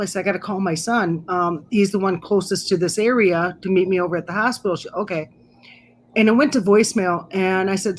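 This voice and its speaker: A middle-aged woman telling a personal story in a casual chat, animated and laughing as she goes. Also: mid-range voice, normal speed, slight background noise. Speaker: guest storyteller. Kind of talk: casual storytelling on a live stream.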